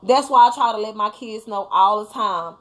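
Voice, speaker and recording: A woman's voice: medium pitch, normal speed, fairly bright tone. A mother hosting a casual live talk, speaking emphatically and bluntly to her viewers, now and then swearing. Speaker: livestream host talking to viewers.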